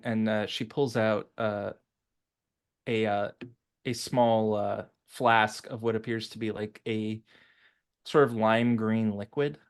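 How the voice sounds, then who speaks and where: A man running a tabletop game as game master, narrating haltingly with many fillers and restarts. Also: fairly low pitch, fairly even intonation, clear, resonant tone.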